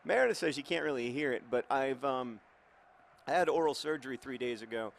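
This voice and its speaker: A man's voice: medium pitch, brisk, creaky, slight background noise. A man hosting a football management game in casual, rambling, wry commentary, his mouth numb after oral surgery.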